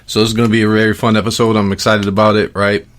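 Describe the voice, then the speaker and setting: A middle-aged man with a low voice hosts a podcast in easygoing chat. He rambles loosely and leans on "um" and "you know" between thoughts. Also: racing. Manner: relaxed, rambling with many fillers. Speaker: podcast host.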